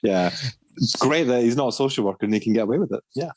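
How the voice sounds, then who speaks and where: A man's voice: medium pitch, expressive, fast talker, a little mellow, dry recording. A man co-hosting a podcast, chatting casually with teasing, wry banter. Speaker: podcast co-host. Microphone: podcast microphone.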